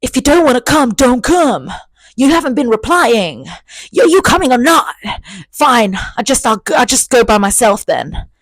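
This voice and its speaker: A woman's voice: on the low side, moderate pace, a little mellow, no room sound. A woman mimicking a pushy, controlling ex-boyfriend in a storytime vlog, wheedling and demanding by turns. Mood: petulant demanding. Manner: wheedling then sulky and demanding.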